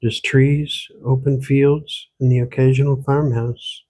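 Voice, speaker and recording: A man, the author, reading his own gothic horror novel aloud in steady, measured storytelling. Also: medium pitch, husky. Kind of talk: audiobook narration.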